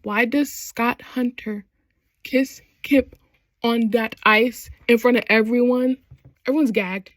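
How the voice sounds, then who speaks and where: A young woman casually recapping a TV show, animated and slangy, acting out the characters' lines as she goes. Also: a little high, slow pace, no room sound. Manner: animated, slangy retelling with quoted voices. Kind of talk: casual chat.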